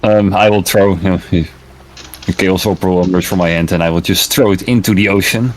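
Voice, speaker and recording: A man voicing his character in a tabletop game, hesitant with many fillers and swearing when excited. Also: low-pitched, a little fast. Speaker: player. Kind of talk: in-character tabletop role-play.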